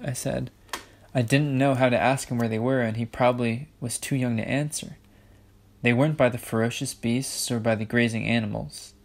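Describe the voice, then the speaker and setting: A man's voice: mid-range voice, level tone, normal speed, creaky. A man casually reading a novel aloud, with offhand, jokey asides. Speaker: audiobook reader.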